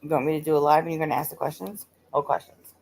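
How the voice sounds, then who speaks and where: A woman's voice: low voice, fairly even intonation, racing, vocal fry, a little mellow. Chatty, swearing live-stream host woman. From United States. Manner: chatty, laughing, swearing freely. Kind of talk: casual chat with viewers.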